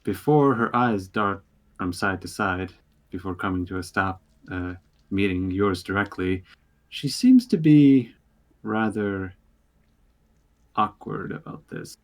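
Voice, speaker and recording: A man narrating a tabletop game as game master, pausing often with fillers and restarting his sentences. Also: lowish voice. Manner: halting, lots of filler words and restarts.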